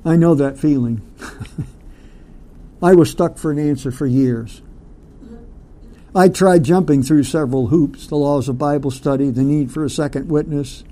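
A man teaching a Bible study sermon, slow and deliberate, asking rhetorical questions and leading the listeners in reading scripture aloud. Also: a little high, mellow.

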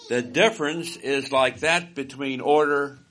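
A man giving political commentary, reading quotations aloud and picking them apart with deliberate, pointed emphasis. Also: medium pitch, fairly bright tone. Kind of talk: commentary reading and critiquing quotes.

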